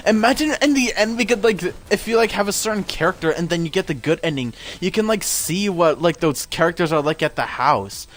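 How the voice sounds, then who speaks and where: A young man giving casual let's-play commentary, rambling and full of "like" fillers. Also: fairly high pitch. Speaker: gamer.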